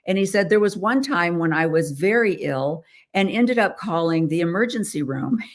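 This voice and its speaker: A middle-aged American woman talks to her viewers in a loose, rambling way, often pausing on "um" and slipping in small laughs. Her voice sits a little on the low side. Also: animated. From United States. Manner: chatty, rambling, frequent ums and laughs. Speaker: host. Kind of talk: casual monologue.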